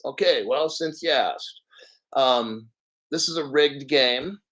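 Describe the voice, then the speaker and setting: A man's voice: medium pitch, moderate pace, fairly bright tone, rough recording. A man hosting a crypto livestream, ranting bluntly and with profanity while reading viewer comments aloud. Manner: mocks others in exaggerated put-on voices. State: a little out of breath. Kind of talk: casual livestream rant.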